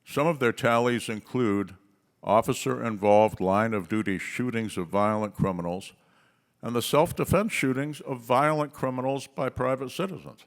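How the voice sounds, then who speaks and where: A man giving a speech at a policy conference, telling stories with forceful, punchy emphasis and pauses. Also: medium pitch. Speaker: conference speaker.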